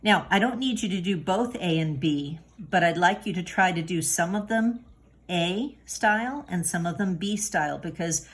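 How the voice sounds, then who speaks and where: A woman's voice: lowish voice, lively intonation, moderate pace. Patient woman teaching a grammar lesson. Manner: patient and encouraging, with many fillers and restarts. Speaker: Spanish teacher. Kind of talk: recorded remote lesson explaining grammar.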